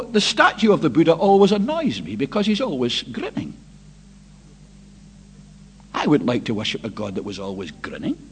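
A man's voice: a little high, slightly rough. A man preaching an evening church sermon, impassioned and emphatic, stretching out key words and putting rhetorical questions to the congregation.

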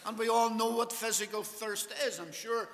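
A man preaching a sermon in a measured way, quoting scripture in King James wording. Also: high-pitched, fairly even intonation, fairly bright tone, big-room sound. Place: church.

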